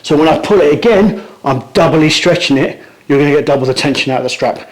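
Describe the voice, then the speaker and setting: A man with a fairly high voice walks through a demonstration step by step, his phrases often trailing off softly. He sounds slightly out of breath from the physical work. The room around him is noticeably echoey. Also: fast talker. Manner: instructive, step-by-step, trails off quietly at phrase ends. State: out of breath from pulling. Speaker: strength coach. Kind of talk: hands-on demonstration.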